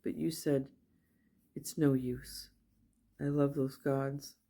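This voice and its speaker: Mellow-voiced woman reading scripture aloud. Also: rumbling low, slow pace. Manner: steady reading with small slips and self-corrections. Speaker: Bible reader.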